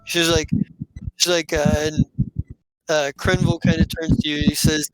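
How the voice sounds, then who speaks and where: A man narrating as game master of a tabletop game, halting with many restarts. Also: on the high side, level tone, smooth, rough recording.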